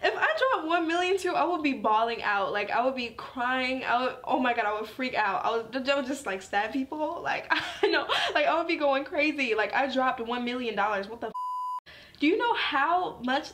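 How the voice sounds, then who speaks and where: Brief: chatty woman doing an anime review, slangy and animated, slightly high voice. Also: brisk, few pauses. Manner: animated, slangy, laughing asides. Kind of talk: casual review chat.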